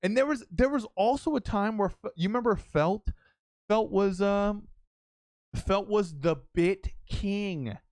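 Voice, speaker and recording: A young adult man hosting a podcast, telling an excitable, swear-heavy story in casual chat with many restarts. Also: sits high, unhurried, no room sound. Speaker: podcast host and streamer.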